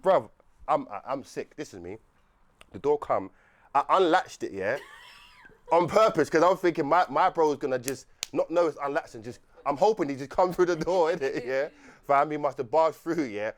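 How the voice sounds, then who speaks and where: A young man telling a rambling, animated story on a podcast, laughing often and restarting his sentences. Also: on the high side, normal speed. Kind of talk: casual storytelling chat.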